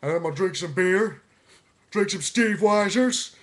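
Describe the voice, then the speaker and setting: A man doing an impression of a loud, brash wrestler with a drawl, trash-talking aggressively. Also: sits high, expressive, a little slow, voice pushed up.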